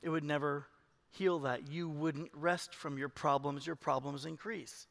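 Man preaching, high bright voice, goes from quiet to loud, big echoey church hall. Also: steady tone, a little slow, creaky. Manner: impassioned, swings from hushed to loud storytelling. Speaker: pastor. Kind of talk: sermon. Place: large church hall with a loft.

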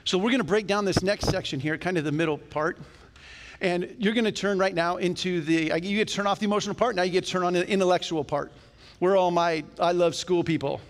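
A male pastor preaching a sermon in a church, talking to the congregation in a conversational, animated way with jokes along the way. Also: high voice, fast talker. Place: church sanctuary. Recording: long reverb of a church hall.

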